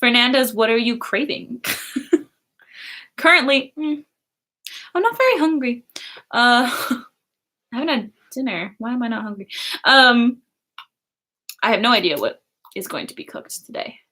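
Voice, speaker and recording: A woman's voice: a little high, expressive, a little slow, long pauses, sharp tone. A young woman chatting casually on a livestream, reading chat and laughing often. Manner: giggly, chatty, many fillers.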